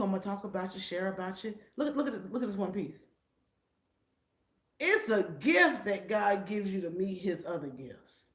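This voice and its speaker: An older woman with a Southern US accent chatting on a live stream in an animated, preachy way. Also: mid-range voice, moderate pace, echoey room. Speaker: vlogger. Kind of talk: casual live-stream chat.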